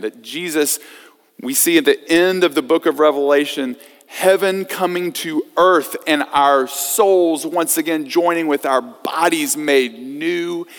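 A man preaching a sermon as pastor, swinging from loud emphasis to hushed scripture reading. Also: a little high. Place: church sanctuary. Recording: long reverb of a church hall.

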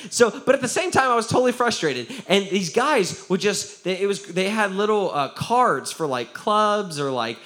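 A male pastor telling a personal story in a sermon, animated and laughing, often breaking off and restarting his sentences. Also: high-pitched, moderate pace, few pauses. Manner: animated, laughing, self-interrupting.

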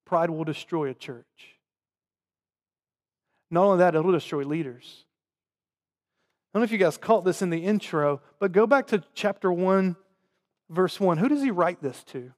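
A man with a Southern US accent, preaching a sermon to his congregation and swinging between loud emphatic lines and quiet, low asides. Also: lively intonation, normal speed, pauses often. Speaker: pastor. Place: church sanctuary. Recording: long hall reverb.

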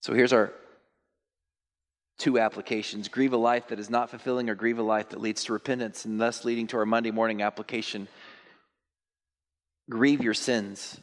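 A male pastor preaching a sermon to his church, animated, sometimes mimicking churchgoers in high put-on voices. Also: a little fast. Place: church sanctuary. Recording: long reverb of a large hall.

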